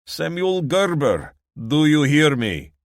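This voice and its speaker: A man's voice: fairly low pitch, animated, normal speed, dry recording, clean studio sound, pitched above the performer's own voice, lightly acted. A man voicing a cold, commanding male warlord with a thick Eastern European accent, giving formal, threatening orders.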